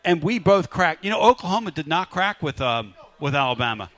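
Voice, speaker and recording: A man hosting a live sports talk radio show from a restaurant, talking loud and hyped as he works up the crowd. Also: a little high, big pitch swings, brisk. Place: live remote broadcast at a riverside restaurant.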